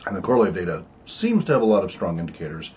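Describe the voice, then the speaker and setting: A man's voice: low voice, very animated, very fast, a little mellow, a little hiss or hum. An older man hosting an online meeting about his research project, talking casually with many ums and uhs, wheezy and coughing from asthma. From United States. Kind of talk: casual informative talk.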